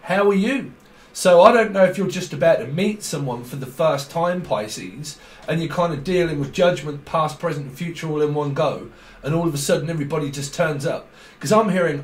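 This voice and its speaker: A man's voice: fairly high pitch, animated, normal speed, roomy sound. A man giving a casual tarot reading, playful and rambling, breaking into laughs often. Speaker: tarot reader.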